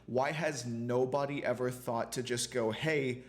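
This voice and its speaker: A man's voice: medium pitch, fairly even intonation, normal speed. A man, a film student, reviewing a TV show in a casual, profane rant full of fillers. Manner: profane, ranting, many fillers like "you know".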